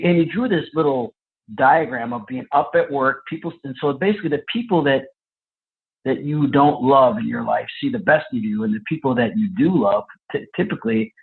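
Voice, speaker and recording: A man, a police trainer and podcast guest, telling stories in a lively, conversational way. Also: medium pitch, moderate pace, vocal fry. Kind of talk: storytelling interview answers. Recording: tinny phone-like line.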